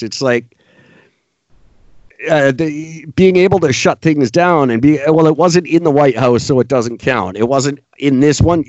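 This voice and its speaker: A man's voice: medium pitch, dry recording, highs cut off. A man co-hosting a casual podcast, ranting sarcastically and mocking people in put-on voices. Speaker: podcast co-host.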